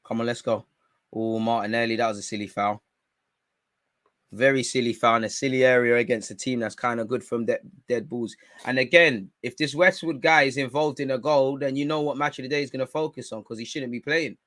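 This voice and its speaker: Fiery, bright-voiced football fan host. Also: male voice, medium pitch, a little fast, no echo, studio quality. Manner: excitable, swears, shouts at players and referee; talks while eating. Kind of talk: live match reaction commentary.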